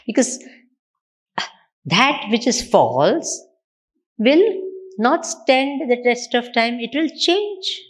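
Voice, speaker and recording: A woman's voice: fairly high pitch, sing-song, very slow, pauses often. A woman with an Indian English accent giving a Vedanta discourse, repeatedly putting questions to her listeners. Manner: asks the audience repeated rhetorical questions. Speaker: spiritual teacher.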